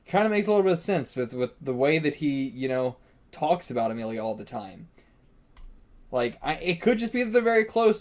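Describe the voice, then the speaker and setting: A man hosting a live manga reading reaction. He talks in an excitable, rambling way and swears a lot. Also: fairly high pitch.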